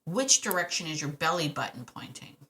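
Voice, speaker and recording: A woman hosting a dog training podcast, giving emphatic, animated advice in a casual way, repeating her key points and laughing often. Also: low voice, fairly quick.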